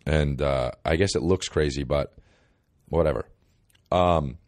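A man, a comedian hosting a podcast, rambling casually with profane deadpan asides, his voice hoarse and worn out. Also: sits low, no room sound, studio quality. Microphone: close podcast mic.

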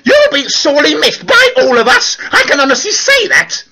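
A man's voice: extremely high pitch, sing-song, normal speed, creaky, pushed and bright, low-quality recording. A man delivering a theatrical comic monologue as an actor vlogger, over-the-top and sing-song, laughing as he talks. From London.

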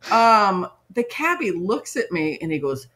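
A middle-aged woman host telling a story in casual chat, animated and laughing, with many fillers. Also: medium pitch, measured pace. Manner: animated, laughing, lots of "like" and "right?". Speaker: podcast host.

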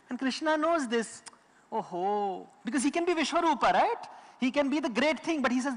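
A man's voice: very high voice, expressive, a little fast, bright, forceful tone. Man lecturing in a reverberant hall. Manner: explanatory storytelling, emphatic repetition. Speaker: public speaker. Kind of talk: lecture talk.

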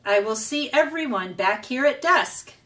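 A woman voicing a gentle female robot who speaks in precise, formal phrases, with no contractions. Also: on the high side, animated, unhurried, distant mic. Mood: calm, reassuring.

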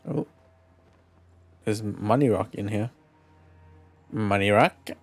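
A man streaming a video game live, chatting casually, excitable and profane, with playful shouted exclamations. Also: fairly low pitch, slow pace, slightly rough. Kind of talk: casual live gameplay commentary. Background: faint game music.

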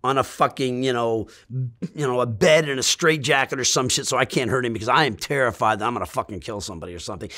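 A middle-aged man in an interview, telling a rambling, profane story in a casual, animated way. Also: medium pitch, fast. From Great Lakes region of the US.

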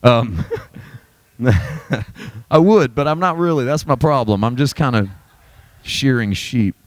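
A man preaching a sermon at a church Bible study, emphatic and folksy, dropping to low asides and climbing to high exclamations. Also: expressive, moderate pace, dry recording. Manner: folksy, self-deprecating humor. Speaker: pastor.

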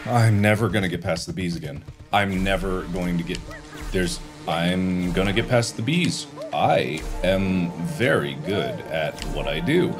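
A young man giving let's play commentary while he rages, swinging from low mutters to loud frustrated yelling. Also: expressive, a little slow, soft background music. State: frustrated and raging. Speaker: gaming video creator.

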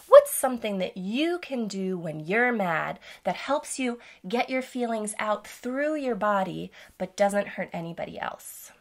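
A woman hosting a children's music lesson, speaking to toddlers in a gentle, playful way. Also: medium pitch. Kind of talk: teaching toddlers with songs.

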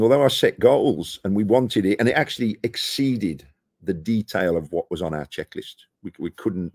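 A middle-aged man from the United Kingdom, a property investor being interviewed, tells lively anecdotes and acts out the dialogue, speaking from a rooftop terrace. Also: deep voice, creaky, husky, no echo. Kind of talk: casual interview storytelling.

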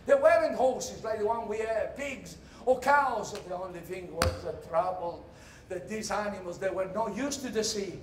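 Animated Italian-accented man telling a comic monologue. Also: normal speed. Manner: animated storyteller, bursts into high shouted cries, laughs through lines. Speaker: stage monologue performer. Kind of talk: comic theatre monologue in English. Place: theatre stage. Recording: roomy hall echo.

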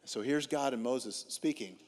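Preacher in a reverberant hall. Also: male voice, medium pitch, measured pace. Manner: comic, animated storytelling with acted-out dialogue. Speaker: guest preacher. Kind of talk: humorous sermon storytelling. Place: church auditorium. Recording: long reverb of a large hall.

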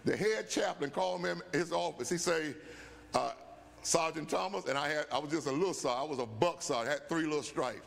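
Gravelly older man preaching in a hall. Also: fairly high pitch, fast. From USA. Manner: folksy, animated storytelling with repeated "man" and "guess what". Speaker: bishop teaching Bible study. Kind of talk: storytelling sermon. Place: church sanctuary. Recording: church hall with long reverb.

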